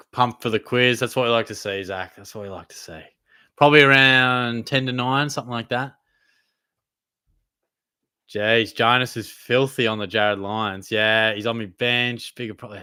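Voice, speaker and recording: In an easygoing live stream Q&A, a young Australian man tackles his viewers' fantasy football questions, blokey in manner and calling them mate. He speaks at a medium pitch, unhurried and smooth, with no echo.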